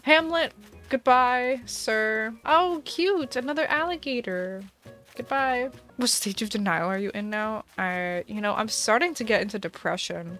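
A young woman streamer giving chatty, excitable commentary while playing a game, swinging between dramatic despair and delight. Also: on the high side.

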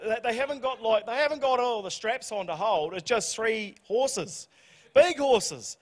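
A New Zealand man preaches to his church, spinning an animated story full of laughter and sudden high shouts. His voice sits notably high for a man. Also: normal speed. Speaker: pastor. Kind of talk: storytelling sermon.

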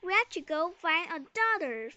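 A woman's voice: very high voice, sing-song, moderate pace, sharp tone, muffled recording, full character voice. A woman voicing a fussy, complaining mother cat in a children's storybook reading.

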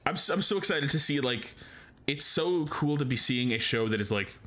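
A man's voice: mid-range voice, lively intonation, normal speed, fairly bright tone, a little hiss or hum. A man co-hosting a podcast in casual chat, rambling enthusiastically with lots of filler words. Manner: enthusiastic fan. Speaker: podcast co-host.

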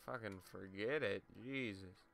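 A man's voice: on the low side, unhurried, gravelly, a bit bright. A young man casually commentating his video game play, swearing and mocking himself as he goes, with a runny nose. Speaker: let's play gamer.

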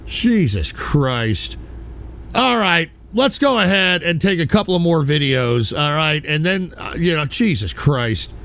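A man streaming live, commenting on a raid with mock concern and loud exclamations. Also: a little high, very animated, unhurried, gravelly. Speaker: streamer reacting to raids.

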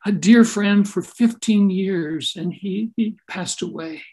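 A man's voice: sits high, takes it slowly, a little mellow, husky, full character voice. An older man briefly voicing a frightened, grieving little old woman whose voice shakes as she speaks. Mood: shaky. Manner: shaky, tearful.

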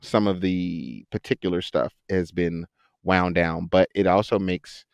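A man who works as an actor and voice actor, chatting in a podcast interview, telling stories with lots of laughter and quick impressions. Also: low voice, gravelly, no room sound. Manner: animated storyteller, laughs often, jumps into quoted voices. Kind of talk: casual interview chat.

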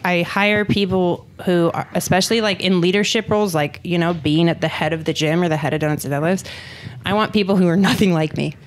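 A woman hosting a casual podcast about running her gym, blunt and quick to swear. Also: fairly low pitch. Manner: blunt, swears freely, talks with her hands on fillers. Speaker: podcast host and gym owner.

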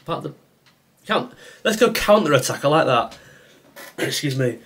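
A man's voice: on the high side, animated, normal speed, fairly bright tone, slightly rough. Exasperated man playing a football game. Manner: reactive, exasperated, talks to the game. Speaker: gaming YouTuber. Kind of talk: live gameplay commentary.

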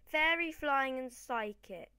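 Excitable woman gamer, dry close mic. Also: high voice, takes it slowly, no room sound. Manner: excitable, rambling, swings between loud cheers and mumbles. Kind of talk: let's-play commentary. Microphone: desk microphone.

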